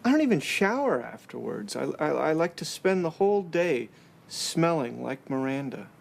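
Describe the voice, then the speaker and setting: A man's voice: fairly high pitch, big pitch swings, moderate pace, gravelly, full character voice. An actor playing a needy, lovesick young man who stammers as he gushes, in a clip played from a TV series. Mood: besotted.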